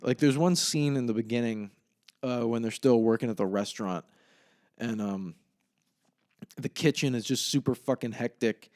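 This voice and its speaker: A man's voice: mid-range voice, darkish tone. A young man hosting a casual solo podcast, rambling and swearing as he retells a film. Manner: rambling, profane, laughs at his own retelling. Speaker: podcast host.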